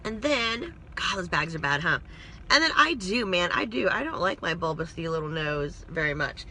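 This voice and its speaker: A woman's voice: fairly low pitch, sing-song, moderate pace, sharp tone, a little hiss or hum. A woman casually rambling through a makeup tutorial from inside a parked car, talking to her phone camera with self-deprecating asides. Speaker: vlogger doing a makeup tutorial.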